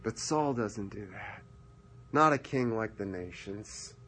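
A man preaching a sermon, retelling a scripture story with animated voices for its characters. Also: lowish voice, slow pace, slight background noise. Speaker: pastor.

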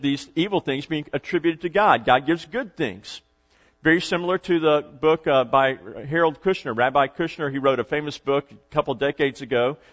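A preacher retells a story and explains it to his congregation, with a slightly higher-than-usual male voice. The recording sounds dull and lo-fi. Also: a bit bright. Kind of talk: sermon.

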